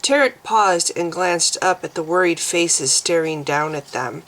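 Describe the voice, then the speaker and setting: Slow, deliberate woman narrating a novel. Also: fairly low pitch, fairly bright tone, rough recording. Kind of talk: audiobook reading of her own novel.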